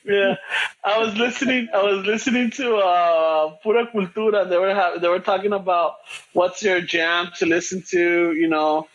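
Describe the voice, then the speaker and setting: A man's voice: sits high, fairly even intonation, moderate pace, a bit bright, dull audio. A man with a Chicano English accent, co-hosting a podcast in loose, laughing banter that switches between English and Spanish and is full of cursing. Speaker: podcast co-host. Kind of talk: casual chat.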